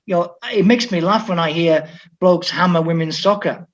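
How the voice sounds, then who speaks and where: An older man from Liverpool talks as a guest about his coaching years, animated and anecdotal, often restarting his sentences. His voice sits fairly high for a man, and the recording sounds dull and lo-fi. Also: moderate pace. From Liverpool, England. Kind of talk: storytelling interview talk. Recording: dull lo-fi audio.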